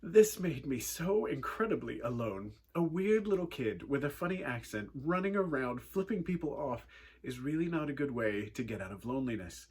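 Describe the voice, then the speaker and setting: Animated English man telling a story. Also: medium pitch, normal speed, husky. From England. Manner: animated storyteller, wry and earnest. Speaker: youth speaker. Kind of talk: personal storytelling talk.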